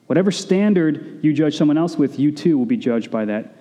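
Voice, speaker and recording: A man's voice: a little high, lively intonation, brisk, mellow, long reverb tail. A man preaching a sermon in a conversational way, with casual asides to his listeners.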